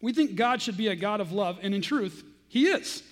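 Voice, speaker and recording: A man with a strikingly high voice preaches in an earnest, pointed way, citing scripture by chapter and verse. His teaching sounds firm and deliberate. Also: lively intonation. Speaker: Christian preacher. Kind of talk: critical sermon-style teaching.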